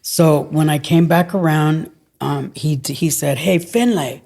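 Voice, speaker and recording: A woman's voice: sits low, a little slow. A middle-aged woman telling a story in casual chat, acting out what people said. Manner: animated storyteller acting out quotes. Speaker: guest, longshore worker.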